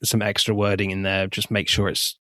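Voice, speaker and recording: A man's voice: lowish voice, monotone, fairly quick, pushed and bright, no room sound, clean studio sound. A man co-hosting a casual film podcast, laughing often as he chats. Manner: giggly, laughs often, acts out film quotes. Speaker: podcast co-host.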